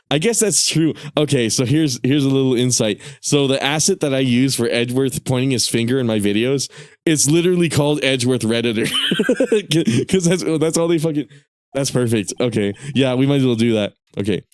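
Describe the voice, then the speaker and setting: A man's voice: medium pitch, moderate pace, dry recording, soft background music. A young man streaming a game, chatting casually, swearing often and laughing at himself. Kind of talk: casual gaming stream chat.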